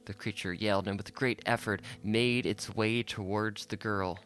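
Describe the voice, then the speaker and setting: A man narrating an audiobook in a measured, unhurried storytelling manner. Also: lowish voice, steady tone, a bit bright.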